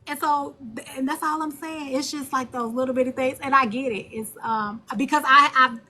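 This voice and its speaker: A woman hosting a live stream and talking on her phone, blunt and animated, cursing freely. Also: high voice, normal speed. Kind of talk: casual live stream chat.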